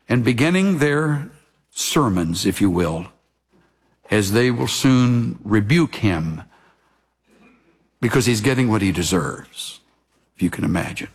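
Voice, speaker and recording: Male pastor, 60s, unhurried expository preacher, mid-range voice. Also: mid-range voice. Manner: slow, deliberate verse-by-verse teaching. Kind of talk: expository sermon.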